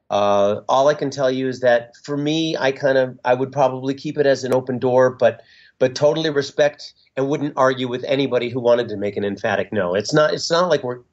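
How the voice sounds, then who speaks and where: A middle-aged male musician guest speaking in an easygoing, reflective way, often pausing on little fillers. His voice sits at an ordinary middle pitch. The audio is a bit dull and lo-fi. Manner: reflective and openly sentimental, easygoing with frequent fillers. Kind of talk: interview conversation.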